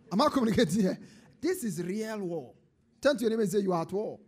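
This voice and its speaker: A man preaching a sermon to a congregation, dropping to quiet asides and then rising into shouted call-and-response. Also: high voice, animated, fast. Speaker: pastor. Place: church service before a congregation.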